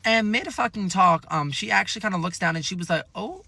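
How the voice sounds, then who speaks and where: A man's voice: high voice, animated, fairly quick, vocal fry, pushed and bright, a little hiss or hum. A man telling a storytime in a chatty, sassy way, swearing and exaggerating for fun. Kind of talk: casual storytime.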